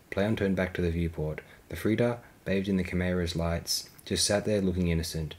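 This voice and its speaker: A man reading a science fiction novel aloud in a steady, measured narration. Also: sits low, low-quality recording. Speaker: audiobook reader. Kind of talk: fan audiobook narration.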